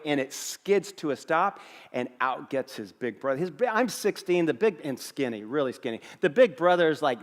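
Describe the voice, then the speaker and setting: A middle-aged man preaching a sermon as a pastor, telling a story with humor and lively restarts. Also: fairly high pitch. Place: large church auditorium. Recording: long reverb of a church hall.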